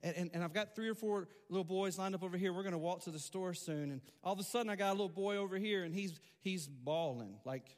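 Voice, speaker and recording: A man pastor telling a personal story in a sermon, conversational and animated, with frequent repetitions. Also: high voice, fast talker, hardly any pauses. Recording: long hall reverb.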